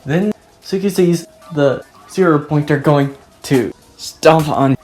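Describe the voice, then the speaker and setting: A woman retelling a fan story aloud in a rambling, halting way. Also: deep voice, a little mellow, soft background music.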